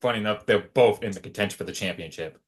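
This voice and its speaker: A man's voice: fairly low pitch, fast, breathy edge. A man co-hosting a casual podcast, chiming in with brief reactions and questions. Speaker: podcast co-host.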